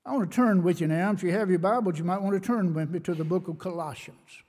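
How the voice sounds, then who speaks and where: A man with a notably high voice preaches a sermon, reading scripture in old-fashioned wording. He is emphatic, slowing down to press on key words. His voice rings with the long reverb of a church hall. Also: a little mellow. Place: church sanctuary.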